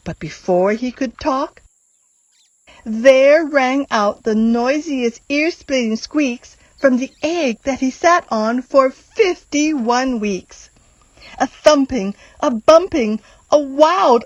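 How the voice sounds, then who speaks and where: Slow, expressive woman reading aloud. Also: fairly high pitch, no echo, lo-fi sound. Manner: expressive, sing-song rhyming delivery. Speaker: volunteer reader. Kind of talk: children's storybook reading.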